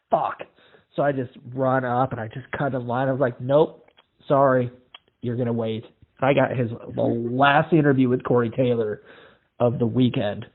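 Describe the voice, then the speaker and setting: A male podcast host from Iowa, telling stories in casual chat, acting out the voices in them and swearing freely. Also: mid-range voice. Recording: tinny phone-like lo-fi audio.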